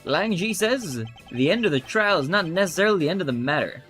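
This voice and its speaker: A man's voice: high voice, animated, brisk, fairly bright tone, faint music behind. Cocky male investigator, read by a man. Swaggering.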